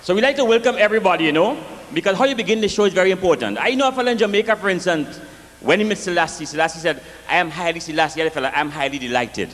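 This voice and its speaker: A man with a West Indian accent performing a live comic storytelling set, lively and jokey, with sing-song swings in pitch. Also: very fast, long reverb tail, slight background noise. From West Indies.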